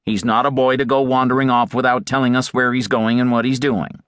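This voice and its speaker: A man voicing a big, earnest Midwestern father in his forties, speaking slowly with a Midwestern accent and quiet pride. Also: medium pitch, fairly even intonation, clear, resonant tone, dry recording, clean studio sound, voice pushed up, lightly acted. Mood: earnest, proud. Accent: Midwestern American. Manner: earnest, slow, proud.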